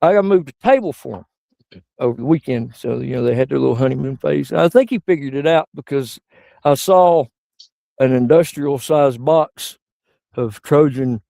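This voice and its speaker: A middle-aged comedian with a gravelly, rough voice, spinning crude rambling stories. The sound is dry and close, with no room around him. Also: male voice, normal speed, dark tone, no room sound. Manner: crude, rambling anecdotes with sudden high-pitched outbursts. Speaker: stand-up comedian. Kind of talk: stand-up storytelling.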